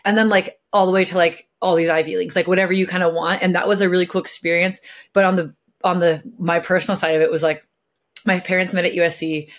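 A woman's voice: fairly low pitch, little pitch movement, quick pace. A young woman from California, a guest telling her story in a casual chat, bubbly and full of filler words. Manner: bubbly, lots of filler words, acts out quotes. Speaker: guest, professional soccer player.

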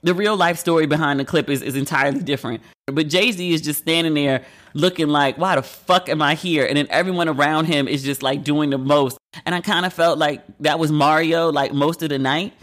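A woman's voice: sits low, brisk. A woman host in casual chat, telling candid, profane stories with playful acted asides. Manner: candid, profane, gossipy storytelling.

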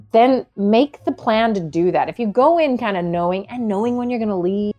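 Woman, mid-pitch, casual podcast guest who thinks aloud; faint music bed. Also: expressive, normal speed, few pauses, warm tone. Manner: thoughtful, rambling, laughs often.

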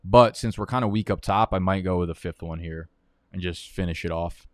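A man's voice: low-pitched, fairly quick, no room sound, studio quality. A young man streaming live, rambling through fantasy football draft picks in profane, heated rants. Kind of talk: casual live-stream commentary while drafting.

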